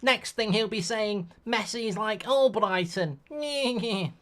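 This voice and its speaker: A man putting on a mocking impression of a sneering male football know-it-all with a high, nasal, drawn-out voice. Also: fairly bright tone.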